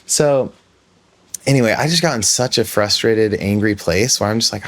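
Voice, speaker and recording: A man's voice: lowish voice, moderate pace, a bit bright. A man hosting a podcast, telling a candid, rambling story in a casual, self-reflective way. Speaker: podcast host.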